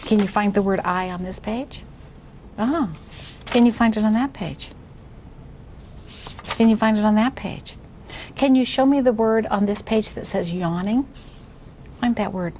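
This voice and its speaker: A woman demonstrating a reading lesson with a young child, speaking slowly and encouragingly, often softly or in a whisper. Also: medium pitch, slight background noise. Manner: patient, slow, encouraging, drops to soft whispers. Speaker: reading tutor trainer.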